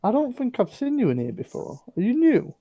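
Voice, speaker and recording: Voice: mid-range voice, wildly swooping pitch, brisk, warm tone, breathy edge, no echo, voice pushed up. A game master voicing a stubborn, suspicious male ruffian guard in a tabletop game, speaking bluntly.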